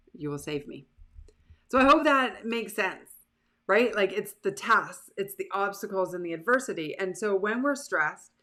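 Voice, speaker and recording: A woman's voice: mid-range voice, sharp tone. A woman hosting a live motivational show, talking casually and with animation to her online audience. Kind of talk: casual live-stream talk.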